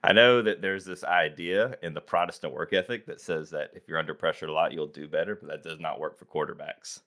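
A man co-hosting a sports podcast, opening the show with energetic jokes and casual banter. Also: very deep voice, fairly quick. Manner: energetic, joking, animated intro. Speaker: podcast co-host.

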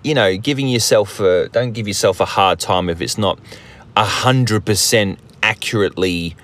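An Australian man hosts a podcast in a casual, rambling monologue, full of jokes and self-mockery. His voice sits a little low. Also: normal speed, a bit bright. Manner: rambling, jokey, self-deprecating, many fillers and restarts. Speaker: podcast host.

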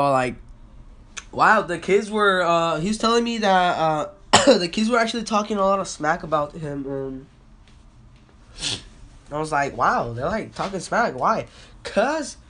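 A sick teenage boy coughs his way through a loose, rambling podcast monologue. His voice sits a little high for a guy, and he swears and stumbles through fillers as he talks. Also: fairly bright tone, slight background noise. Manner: rambling, profane, filler-heavy. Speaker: podcast host.

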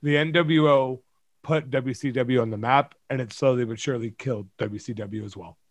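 A man's voice: medium pitch, normal speed. A man co-hosting a podcast in casual chat, blunt and teasing, with plenty of swearing. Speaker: podcast co-host.

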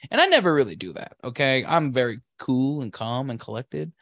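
A man's voice: mid-range voice, big pitch swings, a little fast, fairly bright tone, no echo, studio quality. A man co-hosting a podcast, ranting and cursing about his week in casual chat. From Pacific Northwest. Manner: profane, ranting, sarcastic. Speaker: podcast co-host.

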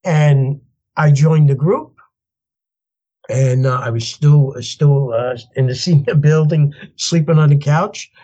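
An older man, a podcast guest telling his story in an animated way and laughing as he goes. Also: a little high, slow, muffled recording. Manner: animated, laughs as he tells stories, acts out voices in quotes. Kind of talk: storytelling interview.

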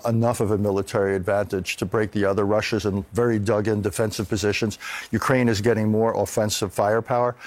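An older man, a foreign policy expert, answering news interview questions in a calm, measured, hedging way. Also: lowish voice.

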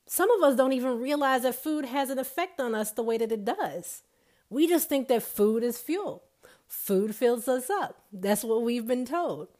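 A woman giving an emphatic motivational talk to an audience, repeating her points for effect. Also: on the high side. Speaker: speaker on nutrition.

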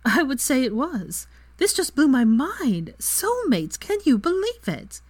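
A woman reading aloud and voicing an excitable, giggly young witch. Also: medium pitch, normal speed, no echo. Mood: excited.

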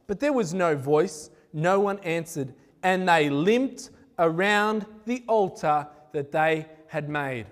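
A man preaching a sermon, retelling scripture in a lively, conversational way with chatty asides. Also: high-pitched, moderate pace, few pauses. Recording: echoey hall.

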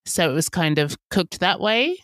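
A woman's voice: fairly low pitch, very animated, normal speed, a bit bright, no room sound, clean studio sound. A woman with an Australian accent hosting a podcast interview, friendly and a bit hesitant with many ums. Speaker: podcast host. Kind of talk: casual interview chat.

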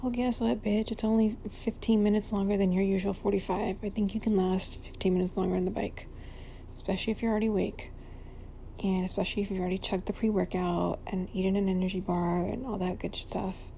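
A woman giving a sleepy, low-key diary-style recap from her bedroom at night, with casual swearing and stretches of half-whispering. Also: little pitch movement, fast, creaky, warm tone, slight background noise. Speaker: podcaster recapping her fitness challenge.

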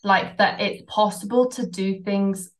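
A woman talking as a podcast guest in an open, unguarded way. She drops "like" into her sentences often and swears without fuss. Her voice sits at a middle pitch. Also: fairly even intonation, a little slow, poor audio. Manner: candid, swears casually, frequent "like" fillers. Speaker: podcast guest, coaching client. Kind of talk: candid conversational storytelling.

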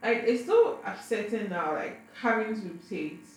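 A woman's voice: mid-range voice, expressive, moderate pace. A young adult woman telling a personal story to camera in a casual, frank way, often tripping over and repeating her words. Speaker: vlogger. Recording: very echoey room, faint background noise.

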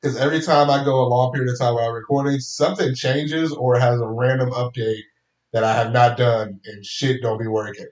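A man hosting a casual solo podcast from his home office, rambling and cursing with sudden animated outbursts. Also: mid-range voice, fairly quick. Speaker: podcast host. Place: home office, spare room. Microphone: home podcast mic, computer recording. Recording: echoey room.

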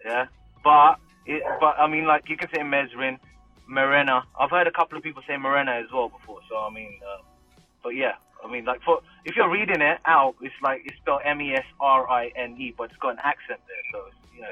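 A man's voice: medium pitch, brisk, highs cut off, soft background music. A man from the UK, a rapper guest, chatting casually and laughing easily. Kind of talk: casual interview chat.

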